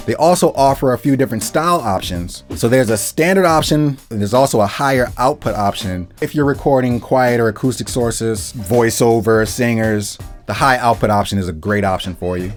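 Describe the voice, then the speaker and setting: A man's voice: mid-range voice, lively intonation, a little fast, hardly any pauses, faint music behind. A man casually reviewing a microphone in an upbeat, conversational way, repeating phrases for emphasis, recorded close on a studio condenser mic at a desk setup.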